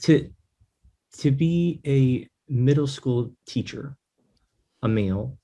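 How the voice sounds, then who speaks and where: A man co-hosting a podcast, speaking in a halting, heartfelt way with many fillers. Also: medium pitch, dark tone. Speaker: podcast co-host. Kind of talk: casual podcast chat.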